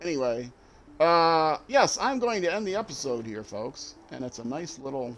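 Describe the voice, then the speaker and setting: A man's voice: fairly high pitch, very animated, moderate pace, fairly bright tone. A man giving casual gameplay commentary as a streamer, rambling and correcting himself, with jokey asides. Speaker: game streamer.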